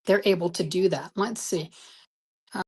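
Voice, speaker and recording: A woman's voice: fairly low pitch, moderate pace, darkish tone, breathy edge. A woman hosting a casual knitting livestream, chatting to viewers in a chatty, self-deprecating way. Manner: chatty, self-deprecating, fiddling with stream settings. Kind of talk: casual live-stream chat.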